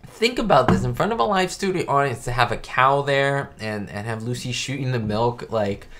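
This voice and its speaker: Male live-stream host, casual and rambling, mid-pitched voice, heavy on "like" fillers. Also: animated, moderate pace, fairly bright tone.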